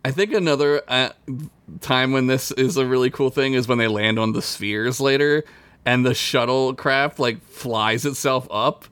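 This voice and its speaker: A podcast co-host chatting casually about a TV episode, joking, laughing a lot and throwing in high squeaky bits. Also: normal speed, a bit bright, clear, resonant tone, no echo. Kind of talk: casual chat recapping a TV episode.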